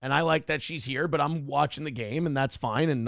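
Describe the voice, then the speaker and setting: This morning show host speaks a little fast with a fairly high pitch, vocal fry, and few pauses. He's an animated storyteller whose casual chat is full of profanity, captured in studio quality with no echo.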